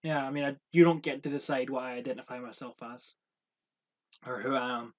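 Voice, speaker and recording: A man's voice: medium pitch, fairly even intonation, fairly quick. A man from Scotland with a light Scottish accent, chatting as a podcast co-host in a reflective way, often stopping and restarting his thoughts. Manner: reflective, talks in bursts with restarts. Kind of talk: casual chat.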